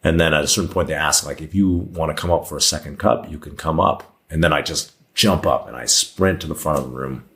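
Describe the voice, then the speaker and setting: His very deep, fairly bright voice moves fairly quickly with hardly any pauses as this man in his thirties shares a personal story on a podcast. The conversational telling is candid and rambling, with plenty of fillers and restarts.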